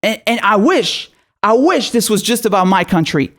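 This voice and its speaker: A man's voice: high voice, animated, normal speed, fairly bright tone. A man from Syria delivers an angry political rant as host of his own show. He is profane and sarcastic throughout, and full of fury. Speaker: political commentator.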